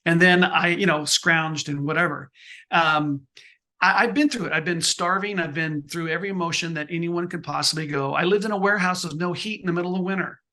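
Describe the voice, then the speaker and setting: An older man in his sixties gives motivational advice in an interview, pressing each point hard and often circling back to restart a phrase. His voice sits a little high for a man and rings bright and forceful. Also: brisk. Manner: emphatic, repeats and restarts phrases. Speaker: photographer, interview guest.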